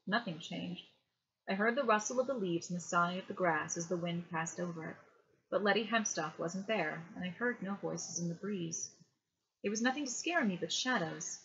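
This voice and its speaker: A woman reading a novel aloud as a bedtime story, in a hushed, measured way. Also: fairly low pitch. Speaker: reader. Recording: dull lo-fi home recording.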